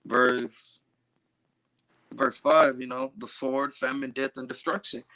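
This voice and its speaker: This Bible study reader has a medium-pitched, creaky, bright voice with big pitch swings, a forceful tone, and a slow pace. He reads verses aloud, stumbles on hard words, and then riffs loosely with many fillers. The recording is low quality, with no room sound.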